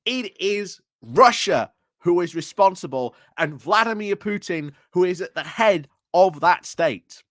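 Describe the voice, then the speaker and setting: A man reacts to a clip with indignant commentary, firing off rhetorical questions and tripping over his words. His voice is slow and deliberate, recorded dry and close with no room sound. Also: high-pitched, animated, a bit bright, no room sound. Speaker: political commentary YouTuber.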